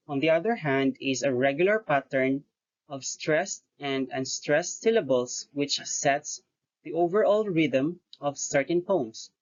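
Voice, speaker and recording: A teacher talks through a lesson at an unhurried pace, breaking sentences into short phrases. They stop now and then to correct their own wording. The recording sounds dull and lo-fi. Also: mid-range voice. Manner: deliberate, pauses often between phrases, corrects own wording. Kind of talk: recorded lecture-style lesson.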